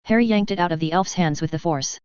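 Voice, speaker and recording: Clear-voiced woman reading a story. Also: lowish voice, quick pace, a little mellow, no room sound. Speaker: narrator. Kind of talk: audiobook reading of fan fiction. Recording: dull, slightly muffled recording.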